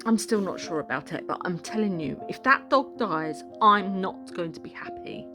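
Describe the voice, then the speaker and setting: A woman's voice: medium pitch, expressive, moderate pace, over music. A woman vlogging casually to camera about a book she is reading, chatty and rambling, often correcting herself mid-sentence.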